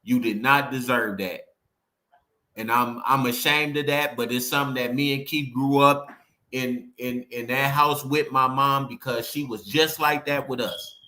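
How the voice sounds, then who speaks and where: Bright-voiced man, sympathetic and supportive. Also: mid-range voice, steady tone, a little slow, roomy sound. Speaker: relative listening and responding. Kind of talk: casual conversation.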